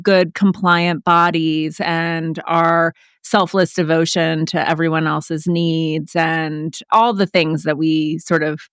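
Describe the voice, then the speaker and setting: A woman with a fairly low voice talks as a guest in a relaxed interview, thinking aloud and looping through casual fillers. Her voice sounds close and dry, with little room around it. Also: dry recording. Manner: reflective, talkative, many fillers like "like". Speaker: author and podcast guest.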